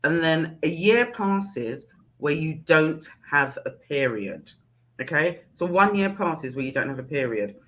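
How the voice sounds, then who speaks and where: A woman's voice: low voice, expressive, a little slow, fairly bright tone. A woman talking as a guest in a frank, casual chat, laughing often. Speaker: guest, menopause blogger.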